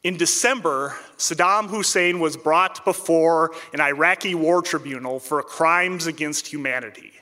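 Bright-voiced storyteller. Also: male voice, a little high, unhurried, few pauses, big-room sound. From central Minnesota, United States. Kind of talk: personal storytelling to an audience.

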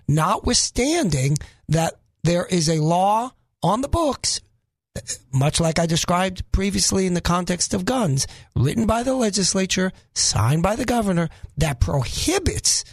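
A man's voice: high-pitched, slightly rough, no echo. A middle-aged man from the Northeast US fills in as a talk radio host, voice swinging up and down as he fires off sarcastic rhetorical questions. The sound is dry and close, with no room around it. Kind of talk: opinionated talk radio monologue.

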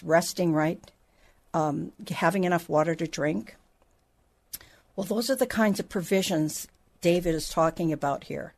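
A woman's voice: fairly low pitch, a little mellow. A middle-aged woman teaching the Bible on a faith podcast, in a conversational way with asides and restarts.

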